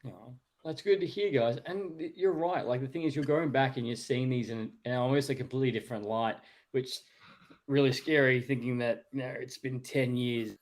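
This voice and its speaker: A man's voice: medium pitch, moderate pace. Enthusiastic man hosting a podcast. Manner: enthusiastic, conversational. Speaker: podcast host. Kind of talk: casual podcast chat.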